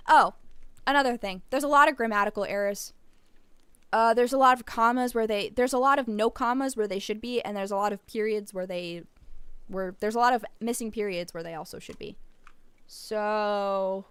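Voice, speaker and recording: A woman streamer doing let's play commentary, rambling and gushing excitedly over what she sees. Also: medium pitch, moderate pace, clear, resonant tone, no echo.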